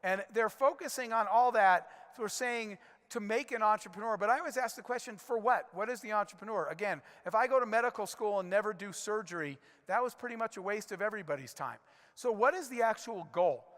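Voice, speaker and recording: Middle-aged male keynote speaker, high-pitched, energetic storyteller, reverberant hall sound. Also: brisk. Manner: energetic storytelling, rhetorical questions. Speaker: conference speaker. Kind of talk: keynote speech. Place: large conference hall.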